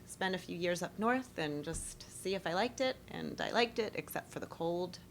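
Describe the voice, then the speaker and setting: Middle-aged woman from Maryland, guest, chatty, lowish voice, faint rumble. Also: animated, normal speed. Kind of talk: casual interview chat.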